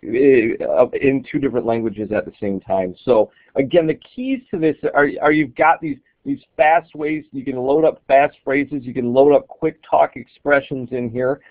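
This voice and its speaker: A man's voice: mid-range voice, moderate pace, hardly any pauses, dry recording. A man giving a casual, explanatory walkthrough of an app in a screen-recorded tutorial, thinking aloud as he demonstrates. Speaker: app reviewer. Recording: tinny, dry, phone-like audio.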